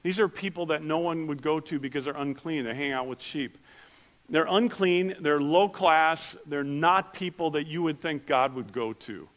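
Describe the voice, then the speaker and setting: A middle-aged man preaching a sermon in church, telling personal stories with self-deprecating humor and dropping soft and low for quiet moments. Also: normal speed. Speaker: pastor.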